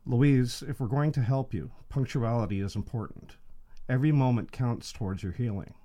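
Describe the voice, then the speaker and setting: A prim, fussy meditation teacher scolds in a measured, mellow voice, as a man reads him. The tone is soft and warm rather than sharp. It suits a dark audio story. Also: mid-range voice, natural voice. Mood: annoyed.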